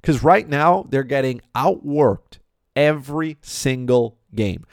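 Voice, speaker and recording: A man's voice: mid-range voice, expressive, slow, vocal fry, no room sound, clean studio sound. A man giving an opinionated hockey talk monologue, emphatic and repetitive, firing off rhetorical questions. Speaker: hockey commentator.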